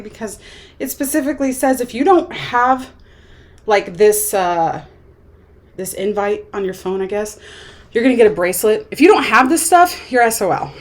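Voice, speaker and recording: A woman's voice: a little high, expressive, moderate pace. A young woman vlogging a casual movie review, rambling and chatty with lots of filler words. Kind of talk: casual chat.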